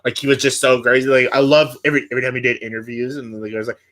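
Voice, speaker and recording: A young man in casual chat, co-hosting a countdown of favorites, animated and quick to act out loud catchphrases. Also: medium pitch. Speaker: co-host.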